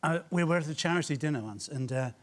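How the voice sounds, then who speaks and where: A man's voice: on the high side, expressive, fast talker. Dry older man telling anecdotes. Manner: dry, self-deprecating teller. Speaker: guest. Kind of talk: chat show anecdote.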